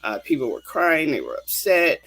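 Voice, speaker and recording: A woman's voice: deep voice, sing-song, normal speed, a bit bright, breathy edge. Earnest woman telling a faith testimony. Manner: earnest, vivid storytelling. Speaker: counselor and guest.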